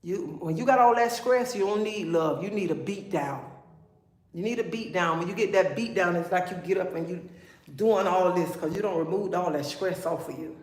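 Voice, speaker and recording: A woman's voice: fairly low pitch, moderate pace. A woman hosting a casual livestream gives blunt, preachy advice. She keeps checking in with "okay?" and calling listeners "honey". Her voice echoes around a bare room. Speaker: livestream host.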